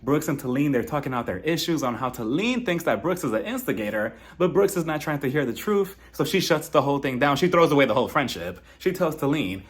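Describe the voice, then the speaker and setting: A man giving a sassy, mocking, animated casual review of a TV episode. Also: medium pitch, brisk, few pauses. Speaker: TV show reviewer. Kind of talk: casual commentary.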